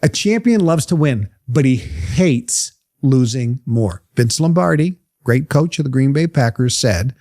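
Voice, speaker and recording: A man's voice: mid-range voice, animated, measured pace, hardly any pauses, a little mellow. A man giving an emphatic motivational talk to a live group, firing off rhetorical questions. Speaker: motivational seminar speaker.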